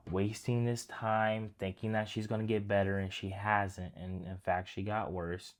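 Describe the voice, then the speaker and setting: A man giving a casual, conversational sermon, retelling a story and talking straight to his listeners. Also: on the low side. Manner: conversational, addresses listeners as guys, restarts phrases. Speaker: preacher.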